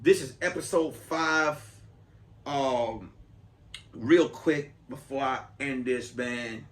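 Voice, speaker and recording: A man's voice: medium pitch, slow. A man hosting a podcast as a comedian, giving profane, emphatic, rambling advice in a comic monologue.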